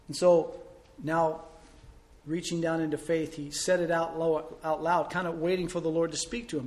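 A male pastor delivering a sermon in an expressive storytelling manner. His voice sits a little high for a man. He pushes hard on key words, then drops soft and slow. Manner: dynamic storytelling, swings between loud emphasis and soft pauses.

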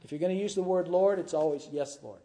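A man's voice: sits high, quick pace, dark tone. A man, a pastor, preaching through a scripture passage and often checking in with his congregation with "huh?" and "right?". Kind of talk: expository sermon.

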